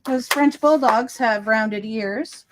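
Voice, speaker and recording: A woman's voice: fairly high pitch, takes it slowly, background noise. A woman hosting a casual crafting livestream, chatting and telling stories while she works. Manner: chatty, storytelling. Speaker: host.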